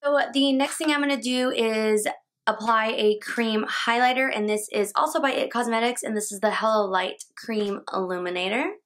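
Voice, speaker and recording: A woman's voice: fairly high pitch, moderate pace, a bit bright. A young woman chatting casually through her makeup routine at home as a beauty vlogger, tripping over words now and then and laughing them off. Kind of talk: makeup tutorial talk-through. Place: home, indoors.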